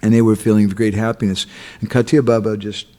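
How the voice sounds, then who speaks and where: A man's voice: on the low side, flat delivery, fairly quick, mellow. A man giving a sermon, telling stories and checking in with his listeners. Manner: acts out quotes, checks in with listeners. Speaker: speaker at a temple. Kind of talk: storytelling sermon.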